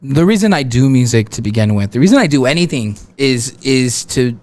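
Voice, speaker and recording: A guest singer in his twenties from El Paso, Texas, chats casually on a podcast, laughing often and using many fillers in a laid-back way. His mid-range voice is animated, fairly quick and a little mellow, recorded with no echo.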